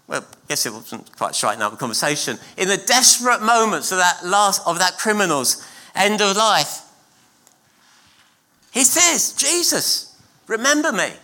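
A middle-aged man preaching a sermon in church, emphatic and repeating key phrases with pauses between them. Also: high voice, big pitch swings, pushed and bright. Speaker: pastor.

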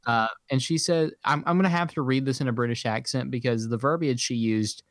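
A man's voice: medium pitch, a little fast, dry recording, studio quality. A man co-hosting a podcast in casual chat, laughing often and telling stories with animation. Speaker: podcast co-host.

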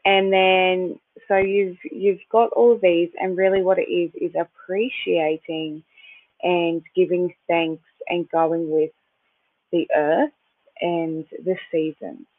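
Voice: mid-range voice, level tone, slow, no echo. Rambling chatty host on a tinny line. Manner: rambling, chatty, loses track and restarts; occasional swearing. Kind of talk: casual spiritual talk. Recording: dry, tinny phone-like sound.

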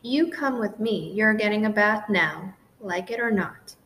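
A woman's voice: mid-range voice, measured pace, fairly bright tone. A woman voicing a mean, grumpy male pound supervisor in a storybook reading. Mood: grumbling. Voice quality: gruff, threatening.

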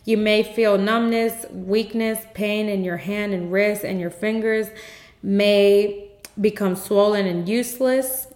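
A woman's voice: mid-range voice, fairly even intonation, takes it slowly, a little mellow. A woman hosting her own podcast, telling her personal story with candid emotion and speaking straight to her listeners. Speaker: podcast host. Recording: echoey room.

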